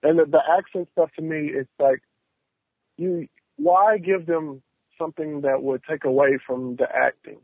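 A man with a slightly higher voice gives emphatic, opinionated takes while hosting a casual chat. His voice comes through a narrow, tinny line that sounds like a phone. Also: moderate pace, creaky, slightly rough, dry recording.

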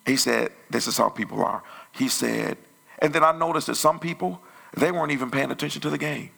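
Gravelly, bright-voiced male preacher. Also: medium pitch, brisk. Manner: conversational, grows loud and animated. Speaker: pastor. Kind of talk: storytelling sermon. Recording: church sermon audio.

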